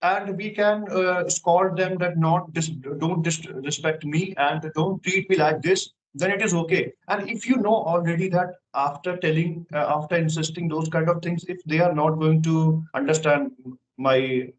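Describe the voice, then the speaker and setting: A man's voice: a little high, fairly even intonation, moderate pace, few pauses, low-quality recording. A man in a casual English practice conversation, answering earnestly with repeated words and fillers. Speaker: conversation partner answering questions.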